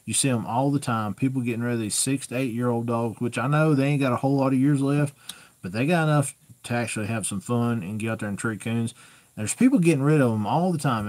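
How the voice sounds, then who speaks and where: A man chats through viewer questions on a live stream. His delivery is folksy and plainspoken, rambling from point to point. His voice sits at an ordinary middle pitch for a man. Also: a little mellow, dry recording. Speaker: host answering viewer questions.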